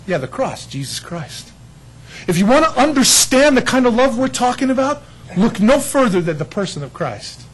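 A man's voice: high voice, husky, low-quality recording. A man preaching a sermon, telling stories with laughter and acted-out quotes. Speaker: pastor.

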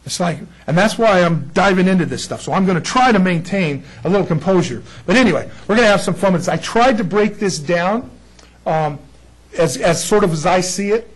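High-voiced excitable middle-aged preacher man. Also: fairly quick, breathy edge, poor audio. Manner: excitable, checks in with listeners. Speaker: Bible teacher. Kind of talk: sermon teaching.

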